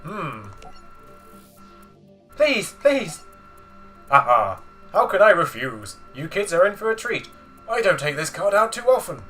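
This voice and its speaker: Picture a kindly old grandfather who runs a game shop, proudly showing off his prized card, as a man reading a game puts him on. The voice is raised and bright, with a forceful, theatrical lift. Soft game music runs faintly behind him. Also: sits high, very animated, a little slow, pauses often, voice pushed up, exaggerated voice.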